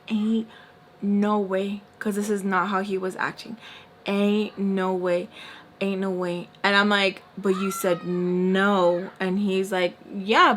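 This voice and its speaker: Young woman telling an animated story. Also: medium pitch, slight background noise. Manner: animated, acts out the voices of people in her story; peppered with "like" and "y'all". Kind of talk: casual storytime.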